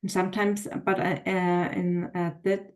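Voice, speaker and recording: A woman's voice: lowish voice, level tone, measured pace. A woman podcast host sharing a personal story in a thoughtful, hesitant way with many fillers. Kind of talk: casual interview talk.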